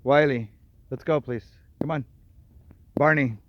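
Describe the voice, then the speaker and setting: A man's voice: mid-range voice, fairly even intonation, a little slow, dry recording. A man, a dog trainer, explaining his dogs' behavior and calling to them on an outdoor walk. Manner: calls out to dogs, explains their behavior. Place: outdoors on a trail. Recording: dull lo-fi outdoor recording.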